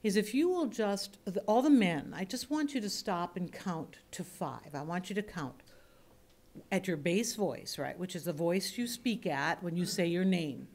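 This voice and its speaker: Blunt, lively woman teaching a workshop. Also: fairly low pitch, unhurried. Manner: lively, blunt, demonstrative with her voice. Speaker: voice and reading instructor. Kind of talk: workshop teaching with audience questions. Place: workshop room.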